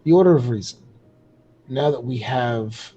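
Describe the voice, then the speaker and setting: A man's voice: mid-range voice, unhurried, warm tone, breathy edge. A man playing a tabletop game, putting polite, formal questions in character. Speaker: player.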